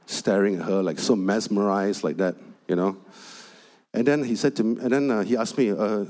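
A man's voice: lowish voice, normal speed, pauses often, a little mellow. A man preaching a sermon, telling a personal story in a chatty way with frequent asides and turning emphatic as he preaches. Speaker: pastor.

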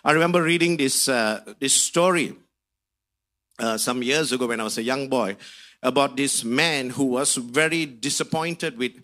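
A man preaching a sermon with fervor, rising to shouts on key phrases and stretching out key words. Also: mid-range voice. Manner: drawn-out emphasis on key words.

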